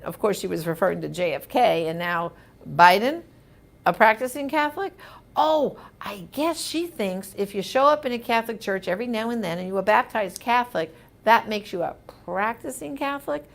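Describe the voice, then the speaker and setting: A woman's voice: medium pitch, lively intonation, normal speed. A woman hosting a live show, reading viewer comments and answering them in an emphatic, conversational way.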